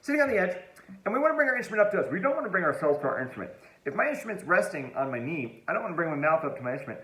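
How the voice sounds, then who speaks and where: Upbeat, animated male music teacher. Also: sits high, rapid-fire. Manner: upbeat, playful, talks straight to the viewer. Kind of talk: online music lesson for kids. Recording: roomy echo.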